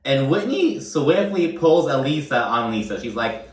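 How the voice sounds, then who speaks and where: A man's voice: medium pitch, big pitch swings, a little slow, roomy sound, recorded from a distance. A man giving a casual recap commentary, swearing often in a sassy, exasperated rant. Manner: profane, sassy, exasperated ranting.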